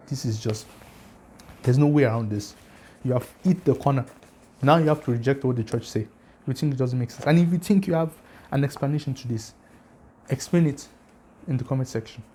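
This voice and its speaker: A man's voice: mid-range voice, a little fast, pauses often, mellow, breathy edge. A man hosting a religious channel, lecturing casually to viewers with emphatic, challenging arguments and rhetorical questions. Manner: addresses viewers directly, asks for comments.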